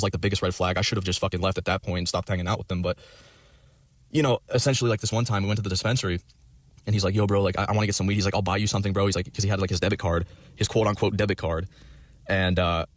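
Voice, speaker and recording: A man's voice: sits low, dry recording, studio quality. A young man telling a long personal story, rambling and swearing, full of fillers. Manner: profane, rambling, many fillers.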